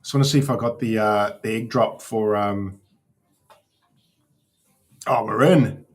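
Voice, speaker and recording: A man's voice: lowish voice, a little slow, a little hiss or hum. A man hosting a casual crypto livestream, swearing freely and talking to his chat as he browses.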